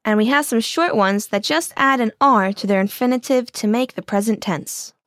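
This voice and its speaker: A woman teaching in a scripted language lesson, explaining clearly and patiently. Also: fairly high pitch, normal speed, fairly bright tone, no room sound, studio quality.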